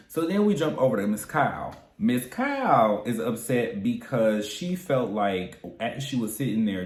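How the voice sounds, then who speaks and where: A man's voice: fairly low pitch, darkish tone, reverberant. A man giving casual, sassy recap commentary on a reality show, chatty and candid with frequent asides.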